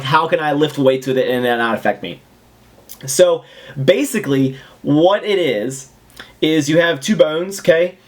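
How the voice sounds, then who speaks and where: A young man casually telling a rambling, animated story to the camera at home. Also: fairly high pitch. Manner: animated, rambling, acts out other people's lines. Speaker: fitness vlogger.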